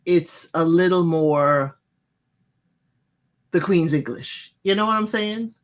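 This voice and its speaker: An American speaker with West Indian roots co-hosting a casual chat, explaining things in a measured way with frequent fillers. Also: mid-range voice.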